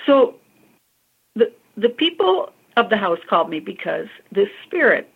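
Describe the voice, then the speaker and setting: A woman working as a psychic medium, telling a ghost story in an interview in an expressive, chatty way, over a tinny phone-like line. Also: medium pitch, unhurried, creaky, breathy edge. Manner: expressive, calls the listener honey and girl.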